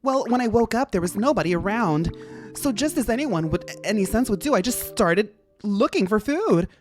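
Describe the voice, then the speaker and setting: A streamer voicing a hungry chef creature stuck in a barrel, reading game dialogue aloud in a defensive, excitable way. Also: mid-range voice, moderate pace, faint music behind, pitched above the performer's own voice, natural voice. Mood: indignant.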